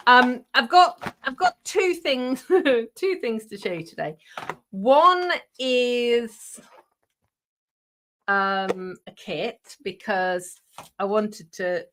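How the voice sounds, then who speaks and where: A woman's voice: mid-range voice, a bit bright. A middle-aged woman hosting a casual live craft chat with viewers, chatty and laughing, with many ums and restarts. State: out of breath. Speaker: craft show host.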